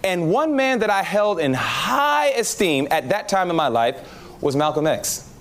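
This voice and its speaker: A man preaching his testimony, telling the story in an animated way and acting out his own reactions. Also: high-pitched, measured pace, a little hiss or hum. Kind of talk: testimony sermon.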